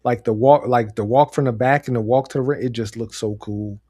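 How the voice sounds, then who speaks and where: Man, podcast co-host, mellow dark voice, rambling excited chat, dry close sound. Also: medium pitch, brisk, no room sound. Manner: animated, rambling, laughs often. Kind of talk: casual wrestling chat.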